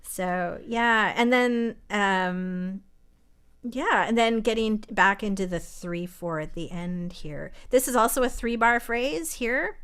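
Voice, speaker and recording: A woman's voice: mid-range voice, takes it slowly, a bit bright, clear, resonant tone. Reflective woman explaining her songwriting. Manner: reflective, talking through ideas aloud. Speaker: composer and co-artistic director. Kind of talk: casual conversation about songwriting. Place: online live stream.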